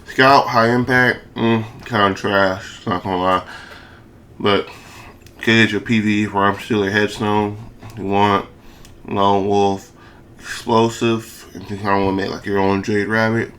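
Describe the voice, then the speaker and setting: Fairly low and a bit bright, with little pitch movement, the voice of this young gaming creator comes at a slightly slow pace. He commentates casually on a game in a hyped, slangy way, his speech slurred by a lisp and filled with the same phrases over and over.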